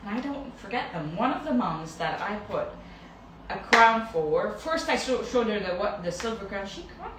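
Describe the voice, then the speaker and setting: Animated woman dentist in an echoey room. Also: mid-range voice, moderate pace, noisy background. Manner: animated, laughs often, acts out children's reactions. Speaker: pediatric dentist. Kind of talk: casual chat. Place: dental clinic. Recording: echoey room, far from the mic.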